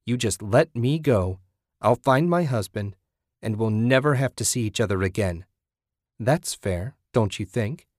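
A man voicing a frightened young wife who shouts defiantly at her captor in an audiobook. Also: on the low side, expressive, measured pace, dry recording, studio quality. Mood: pleading. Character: terrified young wife fighting back.

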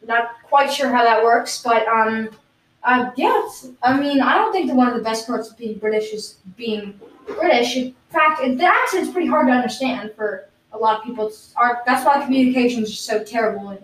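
A fake British guest on an improvised comedy podcast, played by a woman, with no real accent and a rambling, deadpan manner. The voice sits fairly high. It sounds distant from the mic in a roomy space. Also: normal speed, lightly acted. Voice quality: plain American-sounding voice. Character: self-proclaimed British guest, not convincing.

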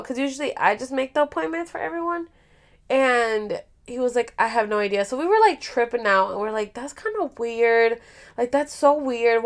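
A young woman hosting a podcast, casually telling a story, swearing a lot and acting out what others said. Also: medium pitch. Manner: animated, heavy swearing, acts out quoted dialogue. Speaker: podcast host.

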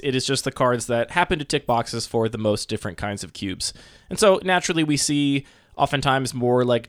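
Smooth-voiced man hosting a podcast chat. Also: mid-range voice, dry recording, clean studio sound. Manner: chatty, uses many fillers like "like". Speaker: podcast host. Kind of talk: casual chat.

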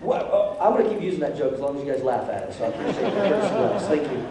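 With a slightly high voice, wide pitch swings, and a quick pace, a pastor delivers a jokey sermon in a church sanctuary, voicing the people in his story. Crowd noise can be heard, and the recording is echoey, far off, and faintly noisy.

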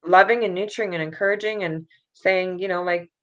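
Lower-voiced woman, dull lo-fi sound. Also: steady tone, brisk, fairly bright tone. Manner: open, self-critical, repeats "you know". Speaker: podcast guest, mother. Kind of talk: candid conversational storytelling.

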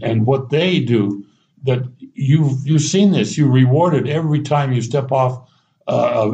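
A man talks at an even middle pitch, telling animated anecdotes with chuckles and restarts as a guest in conversation. The recording is slightly dull and lo-fi. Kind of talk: conversational storytelling.

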